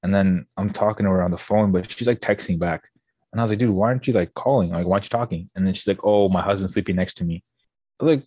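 Fast-talking young man telling a wild story. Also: low-pitched, no room sound. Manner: animated, swearing, acts out quoted dialogue. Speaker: podcast guest. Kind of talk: casual storytelling.

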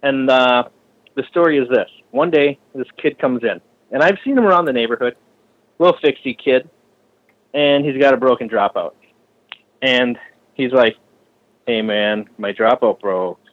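A man in the middle of casual podcast storytelling, his voice at an ordinary, mid-range pitch. He swears a lot and gets heated as he rants. The recording is slightly dull and lo-fi. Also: normal speed, long pauses. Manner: profane, heated, ranting. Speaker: custom bicycle frame builder.

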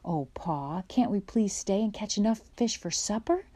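A woman voicing an eager little pioneer girl of about seven, high and pleading. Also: expressive, normal speed, mellow, close to an everyday voice.

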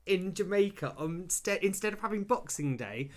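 A man's voice: high-pitched, lively intonation, moderate pace. A man hosting a podcast, chatting casually with guests and reading out trivia. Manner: chatty, laughs often, reads trivia out. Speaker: podcast host.

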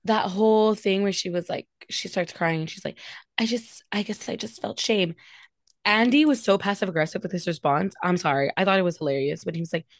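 A woman's voice: lowish voice, fast talker, few pauses, no room sound, clean studio sound. A young woman co-hosting a casual reality TV recap, sassy and opinionated, laughing often. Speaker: podcast co-host.

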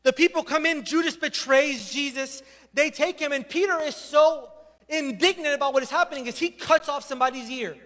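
A male pastor preaches a sermon with a very high voice. He tells the story with animated energy and slips into acted voices. His words ring out with a long reverb in a large hall. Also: fairly quick.

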